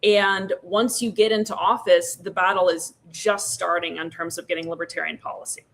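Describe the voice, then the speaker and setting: A woman guest on an online panel, explaining her political views in a fluent, steady way. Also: on the low side, moderate pace, gravelly. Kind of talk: casual political discussion.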